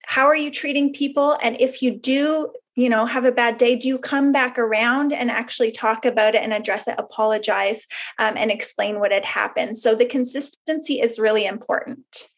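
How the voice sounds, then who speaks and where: A woman's voice: fairly high pitch, steady tone, moderate pace. A woman counsellor explaining a concept in a webinar, in an explanatory way with fillers and everyday examples. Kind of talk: webinar presentation.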